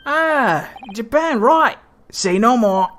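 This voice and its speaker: A woman's voice: fairly high pitch, expressive, slow pace, a little hiss or hum, voice pushed up. A woman doing a chummy Irish man. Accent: put-on Irish. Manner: sing-song, chummy, slipping accent. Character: flamboyant cheery Irish man, generous.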